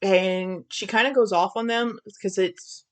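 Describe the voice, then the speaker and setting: A woman with a Southern accent, speaking in a mid-range voice with fairly even intonation and a measured pace, co-hosts a podcast. She recaps a romance novel's plot bluntly and profanely, giggling through the casual book-review talk.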